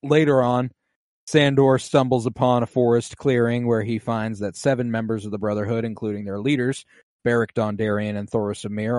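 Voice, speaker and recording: A man co-hosting a podcast, recapping a show in casual chat and acting out quotes with big jumps in pitch. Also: a little mellow, dry recording, studio quality. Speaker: podcast co-host.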